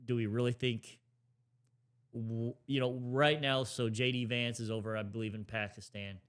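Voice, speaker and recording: Man with a smooth, clear voice, chatting. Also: mid-range voice, a bit bright. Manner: rambling, many restarts and hedges. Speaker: podcast co-host. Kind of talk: casual chat about current affairs.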